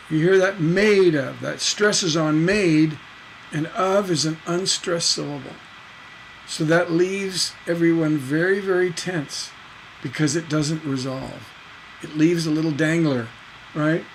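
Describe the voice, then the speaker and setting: Slow-talking man teaching songwriting. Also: on the high side, slight background noise, rough recording. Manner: animated, sings syllable patterns, playful asides. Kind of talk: livestream songwriting lesson.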